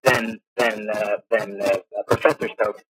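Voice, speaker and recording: A man hosting a radio interview, talking eagerly and haltingly with many restarts, on an old radio broadcast. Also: fairly low pitch, steady tone, background noise. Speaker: radio show host. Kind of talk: casual interview.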